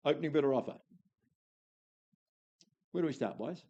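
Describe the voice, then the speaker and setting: A man's voice: on the high side, moderate pace, warm tone, slightly rough, no echo, muffled recording. A man with a New Zealand accent calling a live property auction, with a florid, enthusiastic sales patter.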